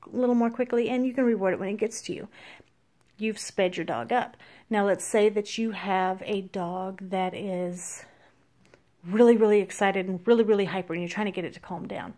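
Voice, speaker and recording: A woman dog trainer giving an instructional tip in a calm, explanatory way, pausing often with small fillers. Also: medium pitch. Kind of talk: instructional how-to talk.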